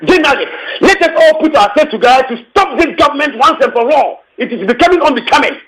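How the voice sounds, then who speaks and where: A Ghanaian-accented man with a very high, animated voice talks fast in a fairly bright tone over poor audio. He is a tenants union secretary general giving an impassioned, emphatic interview statement, repeating his points and slipping into local phrases.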